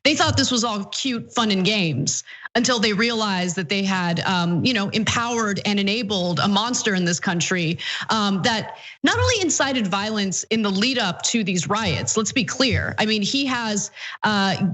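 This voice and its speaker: A woman co-hosting a political commentary show, speaking in a measured way with many fillers. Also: mid-range voice, lively intonation, a bit bright.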